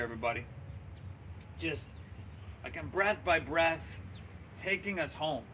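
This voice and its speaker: A man guiding a live yoga class, cueing poses and breaths in an encouraging, relaxed and folksy way. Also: on the high side, a little slow, long pauses, slight background noise. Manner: relaxed, folksy, says y'all. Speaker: yoga instructor.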